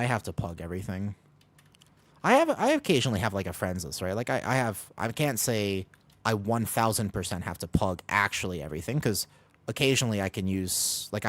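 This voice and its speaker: A man chatting casually to viewers while streaming a game, rambling and joking about himself. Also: on the low side. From United States. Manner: rambling, self-deprecating, jokey asides to chat. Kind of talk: casual gaming stream chat.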